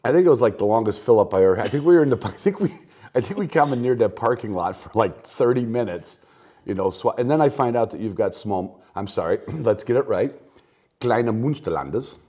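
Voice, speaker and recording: Low-voiced rambling man hosting a podcast. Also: expressive, fast talker, mellow, slightly rough. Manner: jokey, self-mocking, rambling asides. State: road-weary. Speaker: podcast host. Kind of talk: casual rambling chat. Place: garage at a picnic table.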